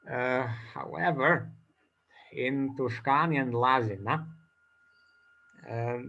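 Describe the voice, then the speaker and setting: A man giving an academic conference talk, pausing often with fillers between phrases. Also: mid-range voice, fairly bright tone. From Croatia. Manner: slow, hesitant, many uh fillers between phrases. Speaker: conference speaker, linguist. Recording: dull lo-fi recording.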